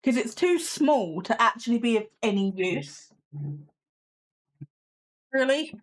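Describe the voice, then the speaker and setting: A live stream host chats from her desk at home, her voice sitting a little high for a woman. She talks loosely to her viewers and her cat, breaking into dry, self-mocking sarcasm. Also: expressive, slow pace. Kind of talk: casual live stream chat.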